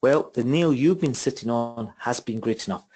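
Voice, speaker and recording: A man's voice: mid-range voice, normal speed, darkish tone, breathy edge. A man leads an online property investment webinar over a computer mic. He talks in a chatty, repetitive way and keeps asking his listeners rhetorical questions. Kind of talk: webinar presentation. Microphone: computer mic on a webinar call.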